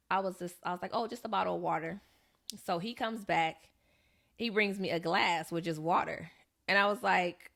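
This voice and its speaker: Animated young woman telling a story, gravelly. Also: fairly low pitch, fast. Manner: animated storyteller, acts out quoted voices. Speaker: podcast co-host. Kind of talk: casual storytelling chat.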